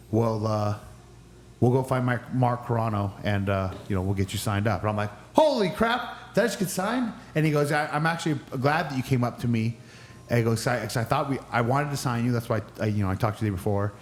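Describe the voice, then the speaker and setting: With a lowish, darkish voice and a bit of hiss or hum behind him, the man appears as a guest on a podcast. He tells his story energetically, raising his voice to act out the other people's lines.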